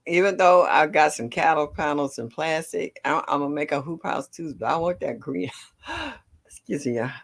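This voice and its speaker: An older woman hosting a casual gardening livestream, greeting viewers by name and chatting warmly. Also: low-pitched, lively intonation, moderate pace, vocal fry. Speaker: livestream host.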